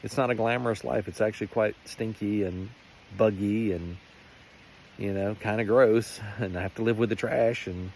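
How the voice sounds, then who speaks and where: A man's voice: on the low side, fairly even intonation, moderate pace, gravelly, a little mellow, a little hiss or hum. A man giving a rambling, earnest personal faith testimony in a vlog. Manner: earnest, rambling, many restarts. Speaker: faith vlogger.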